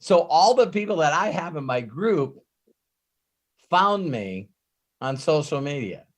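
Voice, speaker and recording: Middle-aged male coach, lively anecdotal delivery, a touch high-pitched. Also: a little slow. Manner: animated storyteller who laughs and acts out quotes. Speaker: host and business coach. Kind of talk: live coaching call.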